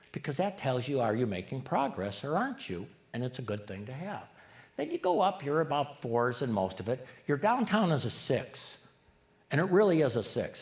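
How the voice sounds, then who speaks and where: A man giving a live community talk, joking and putting questions to the audience. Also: medium pitch. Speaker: community speaker.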